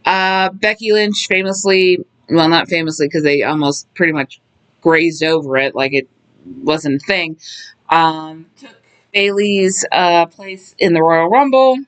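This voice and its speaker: A woman's voice: on the low side, a little slow, clear, resonant tone. A woman co-hosting a podcast, recapping wrestling in casual chat, blunt and offhand with many fillers. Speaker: podcast co-host.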